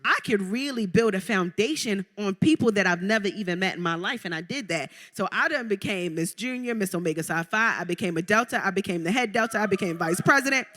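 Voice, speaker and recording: A woman in her thirties from Baltimore, a guest at a live stage interview, telling her story in an animated, playful way and talking straight to the audience. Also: mid-range voice, brisk, hardly any pauses. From Baltimore, Maryland. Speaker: guest entrepreneur. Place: live event venue before an audience. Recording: reverberant live event hall.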